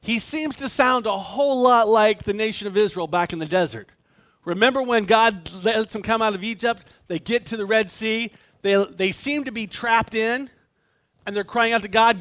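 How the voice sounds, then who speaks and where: High-voiced man preaching animatedly. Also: fairly quick, a bit bright, no echo. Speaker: pastor. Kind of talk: sermon.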